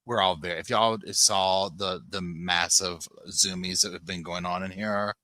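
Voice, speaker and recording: A man's voice: low voice, slow pace, sharp tone, no echo. A man hosting a casual live-stream chat from home, greeting viewers by name and rambling along with plenty of "like" fillers. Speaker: podcast host. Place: home, on a sofa with dogs nearby.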